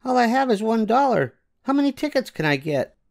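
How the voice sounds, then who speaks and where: An older man voicing a cheerful little girl in a squeaky, sing-song way in a storybook reading. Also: very animated, fairly quick, creaky, heavily acted.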